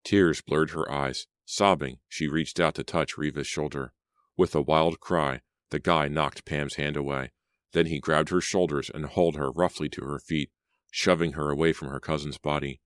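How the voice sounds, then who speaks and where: A male audiobook narrator with an extremely deep voice reads in a steady, suspenseful way. The recording is close and dry, with no room sound at all. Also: moderate pace, no echo. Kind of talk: scripted narration.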